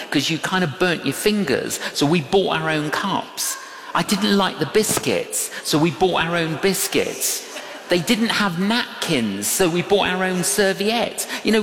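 A man preaching a sermon, telling stories in an animated way that swings from hushed to loud. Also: sits high, slight background noise. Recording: echoey hall with long reverb.

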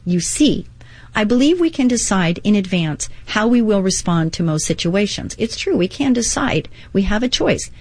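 A woman's voice: medium pitch, lively intonation, moderate pace, a little mellow, slightly rough, dry recording. A middle-aged woman hosting a Christian inspirational radio talk show, earnest and encouraging, mixing devotional readings with personal asides.

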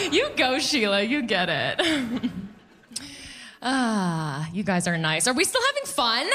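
A woman performing a stand-up comedy set before a live audience, quick and playful, mocking the people she quotes. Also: medium pitch, big pitch swings, noisy background.

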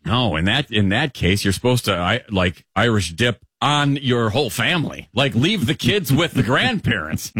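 A man's voice: mid-range voice, sing-song, normal speed, few pauses, a bit bright, breathy edge, no echo, clean studio sound. A man co-hosting a radio show, dropping short, offhand advice into the banter. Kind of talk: casual on-air banter. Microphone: studio microphone.

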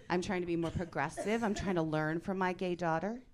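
Woman doing deadpan stand-up, lower voice. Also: brisk, a little hiss or hum. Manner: deadpan with sudden loud punchlines. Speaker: stand-up comedian. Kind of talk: stand-up comedy set. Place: comedy club stage with audience.

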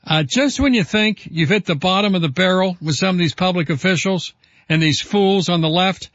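A man's voice: sits high, normal speed, fairly bright tone, no echo. A man hosting a talk radio show, delivering an indignant, emphatic monologue and reading headlines aloud. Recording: dull lo-fi broadcast audio.

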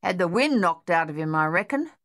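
A steady, plain-spoken soldier who says things straight, without fuss as a woman narrator voices him. The reading is close and dry, with no room sound. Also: lowish voice, fairly quick, no room sound. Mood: matter-of-fact.

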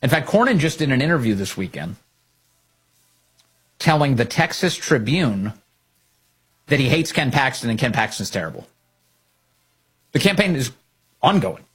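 A man's voice: mid-range voice, very animated, normal speed, pauses often, a bit bright, breathy edge. A man hosting opinionated political commentary, talking in a sarcastic, mocking way.

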